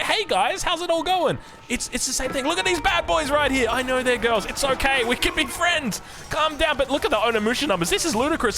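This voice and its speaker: High-voiced excitable Australian game caster. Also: male voice, slight background noise. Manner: excitable, jokey, rambling asides. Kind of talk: live strategy game commentary.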